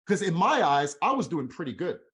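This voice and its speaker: A young man tells a story at a motivational training session. He is slangy and animated and acts out the dialogue as he goes. His voice sits a little high and swings a lot in pitch. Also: a little fast. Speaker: MLM trainer.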